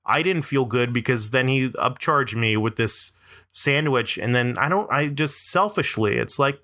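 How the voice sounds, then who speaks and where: A young man hosts a comedy podcast, spinning a long, self-deprecating story. His voice is bright and forward, and he talks in rambling bursts full of restarts and asides. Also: medium pitch, normal speed. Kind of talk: storytelling monologue.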